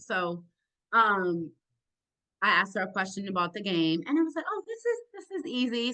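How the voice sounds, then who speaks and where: Brief: young woman podcaster, low deep voice, thick accent, eager and animated, talks in quick bursts. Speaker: sports podcaster and journalist. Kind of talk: casual interview answers.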